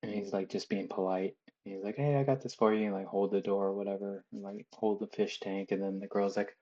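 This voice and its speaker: A man's voice: sits low, monotone, a little fast, warm tone, highs cut off. A man chatting casually as he draws, rambling and swearing with a loose, joking manner. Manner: loose, profane, chuckling storyteller. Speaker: artist drawing on stream. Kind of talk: casual rambling chat while drawing.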